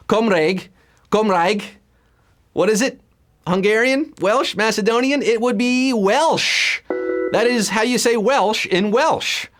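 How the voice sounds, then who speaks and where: A man hosting a live trivia game show, reading questions and answers in a playful, punning, hyped-up way. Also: high-pitched. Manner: playful, punning, lively hype. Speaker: quiz show host.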